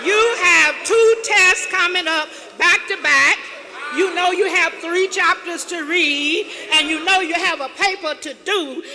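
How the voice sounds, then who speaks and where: A woman giving a motivational keynote speech, with dramatic, rhythmic repetition that builds emphasis. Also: very high-pitched. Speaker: keynote speaker. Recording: reverberant hall with audience.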